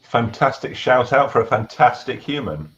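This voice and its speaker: A man's voice: mid-range voice, animated, normal speed, fairly bright tone. A male co-host telling a story with animation and asking a guest questions in a friendly interview. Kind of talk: casual interview chat. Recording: dull, lo-fi sound.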